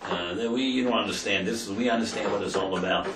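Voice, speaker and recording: A man teaching a Torah class as a rabbi. He tells the story, acts out the quotes, and swings between quiet asides and loud emphasis. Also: lowish voice, fast talker, reverberant, distant mic, crowd noise, poor audio.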